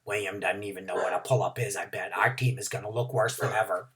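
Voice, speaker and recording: A glum little kindergarten boy, put on by a man reading a story, mutters his complaints in a low, quiet tone. His voice still has a bright edge. He sounds gloomy and grumbling. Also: fairly even intonation, fast talker, husky.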